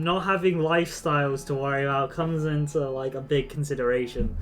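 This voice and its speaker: A man casually talking through a video game as he plays, rambling with lots of fillers. His voice sits somewhat high, with faint noise behind it. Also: steady tone, fairly quick, few pauses, fairly bright tone. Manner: rambling, chatty, frequent fillers. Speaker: vtuber streamer. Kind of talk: casual gameplay commentary.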